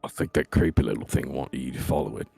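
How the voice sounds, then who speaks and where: A man's voice: extremely low pitch, fast talker, creaky, warm tone, husky, soft background music. A man playing a tabletop game, talking bluntly and swearing freely. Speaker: player.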